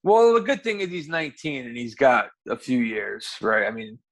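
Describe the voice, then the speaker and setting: A man from the United States in casual, profane, animated chat as a podcast co-host. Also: medium pitch, normal speed.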